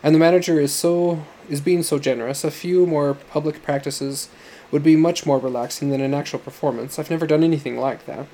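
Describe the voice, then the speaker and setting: A man's voice: on the high side, steady tone, a little fast, warm tone. A man voicing a haughty male musician in an audiobook, speaking in a bored, lofty way.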